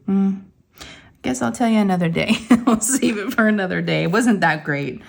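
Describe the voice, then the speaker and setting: A woman's voice: medium pitch, animated, normal speed, vocal fry, slight background noise. Woman in her forties, chatty home vlogger, rambling storyteller. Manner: chatty storytelling with many fillers. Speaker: crafting vlogger. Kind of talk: casual chat to viewers. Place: home craft table. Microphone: phone camera.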